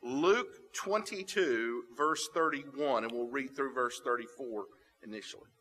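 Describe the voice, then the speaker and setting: A man preaching a sermon, reading scripture aloud and explaining it with dramatic pauses. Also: mid-range voice, a bit bright. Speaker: pastor. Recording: long hall reverb.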